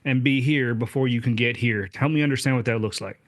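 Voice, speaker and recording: A man hosting a podcast interview, speaking conversationally with frequent halting restarts. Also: mid-range voice. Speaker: podcast host.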